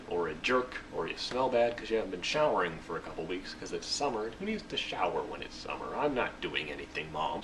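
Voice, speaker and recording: A young man hosts a casual scripture show, reading the passage and then explaining it in goofy, slangy asides. His voice is on the low side. The mic is set a bit far off, and a faint hiss sits underneath. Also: a bit bright. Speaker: show host. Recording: faint noise, distant mic.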